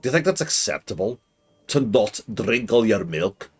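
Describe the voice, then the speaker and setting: A man voicing a gruff male dwarf in a put-on fantasy dwarven accent, scolding with indignant questions. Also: lowish voice, sing-song, moderate pace, soft background music, voice pushed up.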